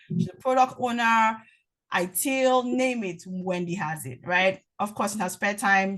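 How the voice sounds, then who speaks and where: A woman's voice: mid-range voice, a bit bright. A woman hosting an online session, introducing the speaker with enthusiasm and repeating phrases for emphasis.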